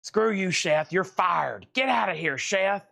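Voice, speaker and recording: A man voicing a bossy male store dog who is firing a worker, in a gruff order-barking manner. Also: high voice, expressive, measured pace, sharp tone, voice pushed up, full character voice.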